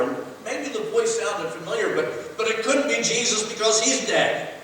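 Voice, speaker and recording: A man's voice: high-pitched, normal speed, fairly bright tone, a little hiss or hum. A man preaching a sermon as pastor, conversational, and his voice rises for emphasis. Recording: echoey church hall from far off.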